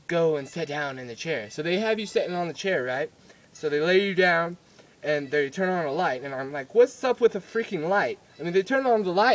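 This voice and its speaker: A young man telling a story in a casual vlog, rambling and giggly, with many fillers and restarts. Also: a little high. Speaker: vlogger.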